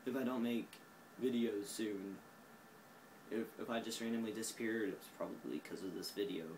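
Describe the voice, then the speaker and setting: A man's voice: fairly low pitch, normal speed, darkish tone, a little hiss or hum, rough recording. A tired man with an Oklahoma accent, rambling goofily through a casual vlog monologue recorded on a phone while sitting indoors. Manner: goofy, drifting, self-mocking. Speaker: vlogger.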